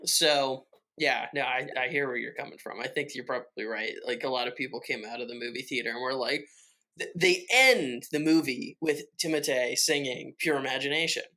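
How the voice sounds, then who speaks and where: Bright-voiced man ranting about a movie. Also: mid-range voice, brisk. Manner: rambling restarts, acts out quoted reactions. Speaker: podcast co-host. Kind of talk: casual film review chat.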